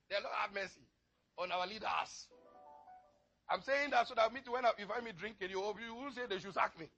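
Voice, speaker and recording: A male pastor preaches with great passion. His voice is very high, bright and raspy, and his pitch leaps widely as he moves from low murmurs to crying shouts. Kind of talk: sermon.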